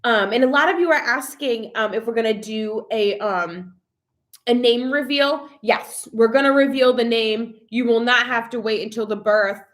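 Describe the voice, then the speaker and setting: A woman's voice: fairly high pitch, moderate pace, fairly bright tone. A young adult woman vlogging in casual live chat, emotional and full of "like" fillers as she reads viewer comments. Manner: chatty and emotional, many "like" fillers.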